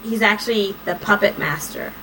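A woman in casual chat, recapping a series in a rambling, animated way and swearing freely. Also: medium pitch, moderate pace, a crowd in the background, low-quality recording.

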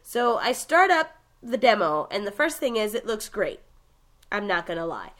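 A woman chatting casually about video games, telling the story with lively asides and quick mimicked voices. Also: medium pitch. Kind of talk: casual gaming chat.

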